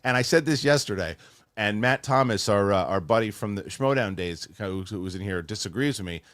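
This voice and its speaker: A man's voice: brisk, no room sound. A middle-aged man hosting a casual movie podcast, talking animatedly and sometimes mimicking voices. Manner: animated, mimics voices mockingly in high squeaky tones. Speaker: show host.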